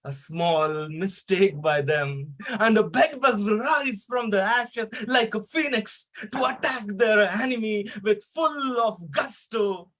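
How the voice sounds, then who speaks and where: Indian english guy reading a funny poem, high voice, slow and drawn out, goes mock serious then loud. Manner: dramatic, mock-serious delivery with sudden loud bursts. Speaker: poet reciting. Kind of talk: humorous poetry recital.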